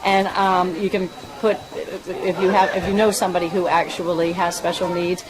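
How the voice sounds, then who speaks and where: A woman volunteer giving a heartfelt, halting speech at a public event. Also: on the low side, little pitch movement, low-quality recording. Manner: earnest, halting, emotional. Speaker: volunteer fundraiser. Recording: crowd noise behind.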